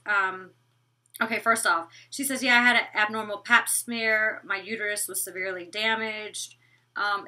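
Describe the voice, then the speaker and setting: A young woman vlogger recapping a reality show in casual chat, blunt and animated, cursing freely. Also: mid-range voice, recorded from a distance. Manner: blunt, animated, gossipy with swearing. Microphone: desk microphone.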